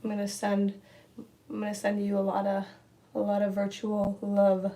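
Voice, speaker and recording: A woman's voice: medium pitch, completely flat delivery, moderate pace, mellow. A young woman livestreaming from home, rambling casually, repeating words and reading viewer comments aloud. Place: at home indoors, near a window.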